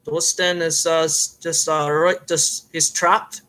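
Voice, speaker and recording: Man doing a fake Irish fight commentator, hammy play-by-play, high voice, bright tone, rambling with fillers. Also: little pitch movement, slow, poor audio. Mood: excitable. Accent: put-on Irish, admittedly a bit off.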